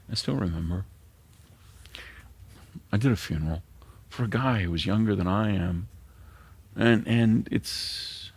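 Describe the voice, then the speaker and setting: An older man preaches a sermon as a pastor in a lowish, breathy voice, keeping a measured pace with long pauses. He is earnest and emotional and drops to a whisper at tender moments. The recording is dry.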